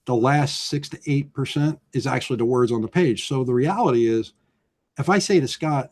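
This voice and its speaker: Animated storytelling man acting out quotes. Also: normal speed. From New Jersey. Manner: animated, acts out quotes with swinging pitch. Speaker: guest loan officer. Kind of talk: energetic storytelling chat.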